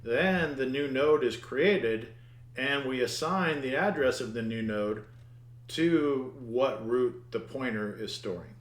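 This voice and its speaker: Man, coding instructor, thinking aloud, muttering, middle pitch, roomy echo. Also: expressive, takes it slowly. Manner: thinks aloud, mutters at the code, restarts words. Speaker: programming instructor. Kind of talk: screen-recorded coding lesson.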